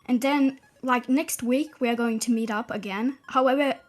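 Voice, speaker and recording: A woman's voice: fairly high pitch, moderate pace, soft background music. A young woman calling in, talking hesitantly with many fillers. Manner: hesitant, lots of fillers and laughs. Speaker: caller. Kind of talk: casual chat.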